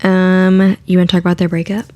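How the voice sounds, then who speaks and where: A woman co-hosting a podcast, chiming in with quick reactions and questions during a casual book chat. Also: lowish voice, monotone, a little mellow. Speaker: podcast co-host.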